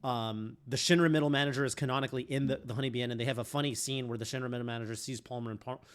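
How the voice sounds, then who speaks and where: A man's voice: medium pitch, steady tone, racing. A man streaming a game, chatting casually in a rambling way full of fillers and restarts. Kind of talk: casual chat while streaming.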